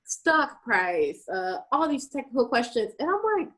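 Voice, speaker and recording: Animated young woman telling stories. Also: on the high side, unhurried, few pauses. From Shreveport, Louisiana, USA. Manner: animated, plays out conversations in quoted voices. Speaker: guest. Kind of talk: casual storytelling chat.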